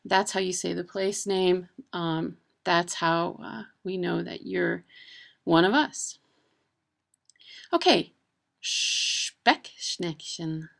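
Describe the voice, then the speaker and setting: A woman from talks through words in a relaxed, chatty way, dotting her sentences with ums and uhs. Her voice sits on the low side and has a gravelly fry running through it. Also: slow pace. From Wisconsin, USA. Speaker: presenter of a language video. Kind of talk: casual informative talk.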